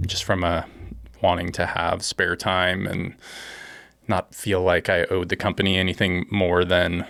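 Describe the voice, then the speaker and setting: A man from California talks in a relaxed, plainspoken way. His voice sits low and has a gravelly fry to it. The recording is dry, with no room sound. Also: unhurried, dry recording. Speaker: guest, aerospace engineer and kayaker. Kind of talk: casual interview.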